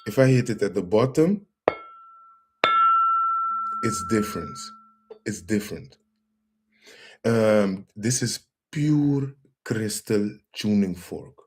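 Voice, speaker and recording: A man hosting a live stream, talking calmly and repeating himself as he addresses viewers as family. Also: on the low side. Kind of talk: casual live stream demonstration.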